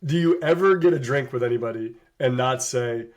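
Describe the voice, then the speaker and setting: A man's voice: medium pitch, brisk. Man with a mid-range voice, laughing. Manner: laughing, enthusiastic, recalls favorite scenes. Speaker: podcast co-host. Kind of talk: casual chat.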